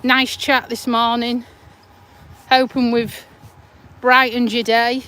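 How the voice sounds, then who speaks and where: An English woman with a fairly high voice chats slowly and teasingly as she walks outside. She talks into a phone held in her hand and sounds a little out of breath. Faint traffic hums behind her. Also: little pitch movement, bright, forceful tone. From England. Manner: chatty, teasing, laughs often. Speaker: vlogger. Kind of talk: casual live-stream chat. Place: outdoors on a roadside footpath. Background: passing traffic.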